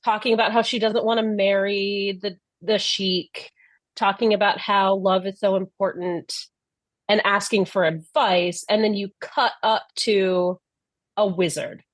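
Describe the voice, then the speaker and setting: A woman's voice: mid-range voice, fairly even intonation, a little slow, dry recording. A woman co-hosting a podcast, recapping a show in casual chat with blunt, sarcastic remarks. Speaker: podcast co-host.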